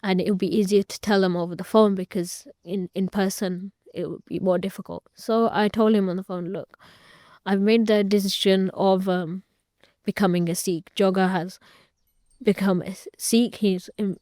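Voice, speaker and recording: A woman's voice: medium pitch, fairly even intonation, moderate pace, mellow, dry recording, studio quality. A young woman, a guest in an interview, earnestly recounting a personal story and retelling family conversations at length.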